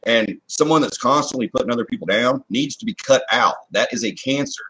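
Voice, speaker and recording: A man with a husky, slightly rough voice and an ordinary middle pitch talks in a casual chat. He rants bluntly and heatedly, swears freely, and keeps checking in with "you know what I mean". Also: brisk, pushed and bright, rough recording. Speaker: co-host.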